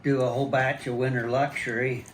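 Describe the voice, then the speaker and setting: A man's voice: mid-range voice, flat delivery, fairly quick, slight background noise. An older man casually demonstrating how he cuts and prepares pumpkins at home, explaining plainly and restarting his sentences. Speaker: home gardener showing pumpkin prep.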